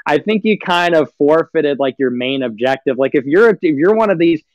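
A man's voice: on the high side, lively intonation, normal speed, darkish tone, no echo, highs cut off. A man in casual livestream chat, mocking and rambling with lots of fillers and frequent laughs. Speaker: livestream guest.

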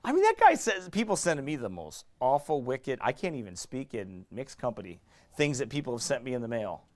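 A middle-aged pastor, preaching a sermon in fiery, emphatic bursts that swing from quiet asides to raised shouts. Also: male voice, mid-range voice, huge pitch swings, brisk.

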